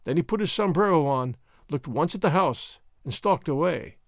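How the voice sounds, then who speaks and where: A man's voice: fairly high pitch, lively intonation, normal speed, no room sound. Male audiobook narrator, dry close sound.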